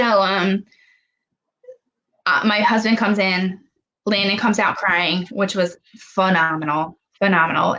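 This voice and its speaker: A young woman recounts a personal story as a podcast guest. She talks fast and chatty, with many "like" fillers, at a mid pitch. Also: a bit bright, highs cut off.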